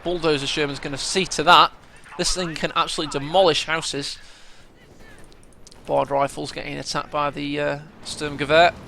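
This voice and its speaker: A man casting a strategy game match, chatty play-by-play that bursts into excitement at big moments. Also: a little high, moderate pace, vocal fry, a little hiss or hum. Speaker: game caster.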